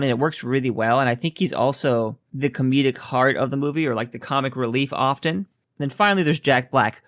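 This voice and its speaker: A man giving a casual spoken movie review in a relaxed, chatty way, with frequent filler words. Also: medium pitch, no room sound, clean studio sound.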